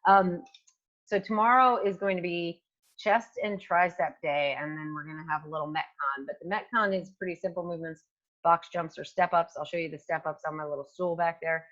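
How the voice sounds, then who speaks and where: Speaking fairly quickly in a fairly low, steady voice with a fairly bright tone, a woman fitness coach runs through exercises at home. The room has a hardwood floor, she uses a new microphone, and the highs are cut off; her encouragement is peppered with fillers.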